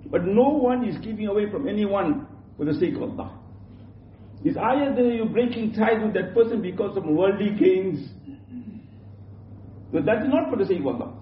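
High-voiced man preaching in a roomy hall. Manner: repetitive, emphatic, with many restarts. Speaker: Islamic preacher. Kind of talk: sermon. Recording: roomy, distant, dull lo-fi with faint hum.

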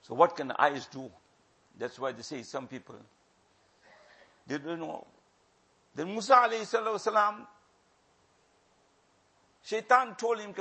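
A man preaching a sermon, impassioned, repeating phrases for emphasis and swinging from loud to hushed. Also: fairly high pitch, steady tone, measured pace, long pauses, slightly rough. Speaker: religious preacher.

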